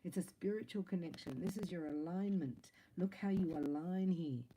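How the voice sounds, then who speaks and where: Woman doing a laid back spiritual reading, low voice, warm tone, chatty and jokey. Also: normal speed, a little hiss or hum, rough recording. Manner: chatty, laughing, playful asides. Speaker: psychic tarot reader. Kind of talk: casual spiritual reading to camera.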